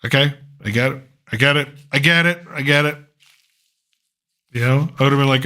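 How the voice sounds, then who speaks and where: A man's voice: mid-range voice, fairly quick, long pauses, bright, forceful tone, a little hiss or hum. A middle-aged man hosting a pop culture commentary show, ranting sarcastically and swearing freely. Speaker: host.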